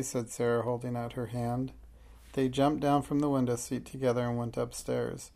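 Brief: male storybook narrator, gravelly texture, steady middle pitch. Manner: measured, even storytelling. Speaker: audiobook narrator. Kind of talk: scripted narration.

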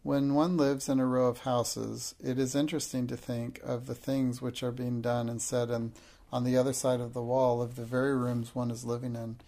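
Male audiobook narrator, gravelly, flat delivery, measured. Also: medium pitch. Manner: steady, measured storytelling. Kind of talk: audiobook reading.

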